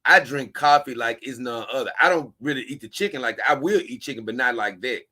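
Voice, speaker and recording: A man's voice: medium pitch, fairly quick, sharp tone. A man, hosting a casual show, rambling and chuckling as he reads posts aloud to his viewers. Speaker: host.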